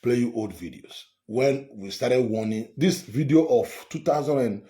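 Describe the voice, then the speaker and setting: A man's voice: medium pitch, a little slow, reverberant. A man hosting a heated political monologue online, scolding and mocking with many repetitions. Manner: animated, scolding, mocking, repeats himself.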